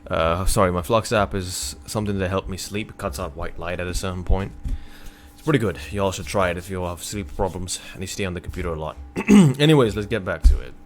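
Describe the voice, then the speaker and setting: Exasperated low-voiced male streamer. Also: a little fast, soft background music. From North America. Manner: casual, exasperated, bursts into loud remarks. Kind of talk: reading a news article aloud and reacting on a live stream. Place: at his computer. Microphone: computer desk mic.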